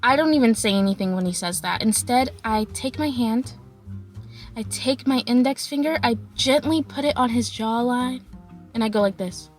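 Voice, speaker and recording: A young woman tells a storytime vlog in a high, lively voice. She laughs often and acts out quotes in squeaky put-on voices. Faint music plays behind her. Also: normal speed. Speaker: vlogger.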